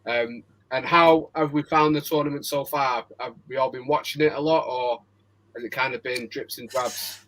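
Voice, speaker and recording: A man from Manchester with a Mancunian accent hosts a casual live chat show. He talks in an easy, chatty way at a middle pitch, laughs often, and keeps tripping over and restarting his words. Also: fairly even intonation, normal speed, fairly bright tone, poor audio. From Manchester, England. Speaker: host.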